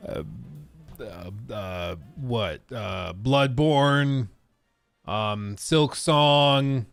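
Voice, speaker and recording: A man's voice: medium pitch, very slow, creaky, smooth, soft background music. A man in his thirties hosting a live stream, chatting casually with joking, sarcastic asides.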